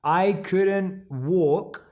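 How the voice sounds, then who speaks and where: Reflective man with a higher voice. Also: very slow, darkish tone. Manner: reflective, personal sharing with many short affirmations. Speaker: podcast host. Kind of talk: conversational interview.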